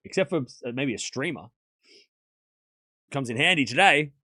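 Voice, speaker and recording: A man's voice: mid-range voice, lively intonation, moderate pace, pushed and bright, no room sound, studio quality. A man hosting a live tennis watchalong stream, mixing casual play-by-play with joking banter and frequent laughs. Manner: chatty, joking, laughs often, argues playfully with chat.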